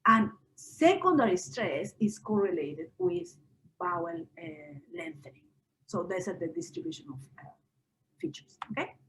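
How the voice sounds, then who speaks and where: A woman linguist presenting research in an academic conference lecture, explaining step by step with frequent filler pauses. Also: lowish voice, very animated, a little hiss or hum, poor audio.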